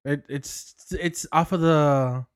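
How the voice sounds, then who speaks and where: A woman's voice: deep voice, steady tone, takes it slowly, smooth. A woman co-hosting a podcast in casual chat, laughing often and swearing freely. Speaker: podcast co-host.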